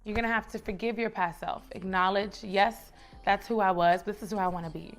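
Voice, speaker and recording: A woman's voice: medium pitch, steady tone, brisk, heavy background noise. A young woman from the Bronx, giving chatty, encouraging advice straight to camera and calling her viewers baby and sis. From the Bronx, New York. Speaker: lifestyle vlogger. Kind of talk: casual direct-to-camera advice.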